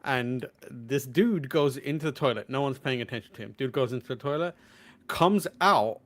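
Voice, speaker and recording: A podcast co-host in casual chat, animated and quick to laugh. His voice sits at an ordinary pitch. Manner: animated storyteller, laughs often.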